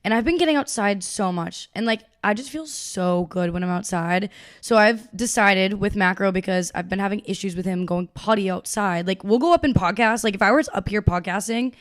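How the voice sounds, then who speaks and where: A woman's voice: medium pitch, brisk. Upbeat young woman podcast co-host. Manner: upbeat, chatty, casual slang. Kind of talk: casual chat.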